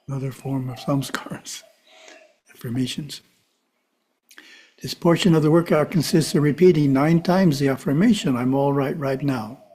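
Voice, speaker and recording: Mellow, husky-voiced man teaching calmly. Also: fairly high pitch. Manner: calm, measured, asides to the listeners. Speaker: spiritual teacher. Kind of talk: teaching talk to a live audience.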